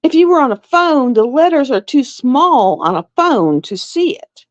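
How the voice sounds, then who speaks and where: A woman quoting a curt female phone customer service agent in a higher, flat, insistent voice. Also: normal speed, no room sound. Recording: dull lo-fi dry sound.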